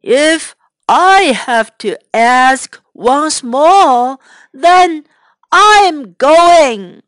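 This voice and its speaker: A grumpy old farmer from a children's storybook snaps at his noisy animals in a high, forceful voice, as a woman reads him. The sound is dry and close. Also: lively intonation, slow pace, no echo, full character voice. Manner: cranky shouting, then gleeful.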